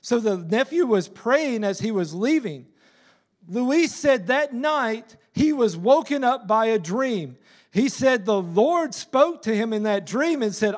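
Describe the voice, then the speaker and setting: A man preaching a sermon in a church as a missionary, with an excitable, emphatic delivery. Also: very high voice, slow pace. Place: church sanctuary.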